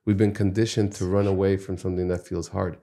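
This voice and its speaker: A man's voice: deep voice, level tone, fast talker, gravelly, mellow. A man who is a guest on a podcast, telling stories from his life in an earnest, reflective way. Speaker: podcast guest, music executive. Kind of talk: conversational interview storytelling.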